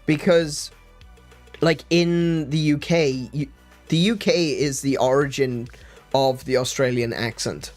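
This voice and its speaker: A man hosting a casual livestream chat, animated and quick to laugh, with frequent restarts. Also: mid-range voice, faint music behind. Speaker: streamer host.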